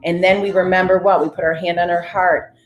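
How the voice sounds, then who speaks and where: A woman's voice: on the low side, level tone, a little fast, highs cut off. A woman leading a live class, guiding breathing and affirmations in an upbeat coaching manner, calling out viewers by name. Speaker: fitness and breathwork instructor.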